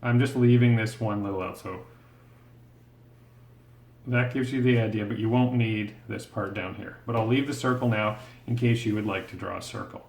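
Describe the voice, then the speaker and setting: This man's voice sits lowish, with a steady tone, moderate pace, creakiness, and a slightly mellow quality. He teaches a drawing lesson step by step, patiently and encouragingly thinking aloud through each stroke, recorded with a roomy echo.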